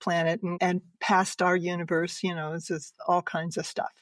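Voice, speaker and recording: A woman's voice: lowish voice, flat delivery, moderate pace, no echo. Older woman telling a heartfelt story. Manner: emotional, earnest, laughs between sentences. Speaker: guest. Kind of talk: personal storytelling in conversation.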